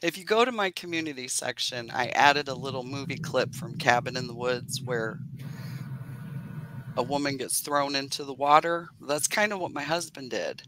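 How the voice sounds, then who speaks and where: A woman with a rumbling low voice talks at a moderate pace against a noisy background. She's a beekeeper being interviewed casually over a video call, telling her story earnestly and chattily while laughing often.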